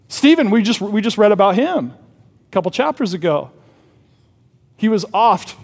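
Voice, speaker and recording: A man with a high-pitched voice preaches a lively, casual sermon, mixing slang with scripture. His voice rings out with a long reverb, as if in a large church sanctuary. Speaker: pastor.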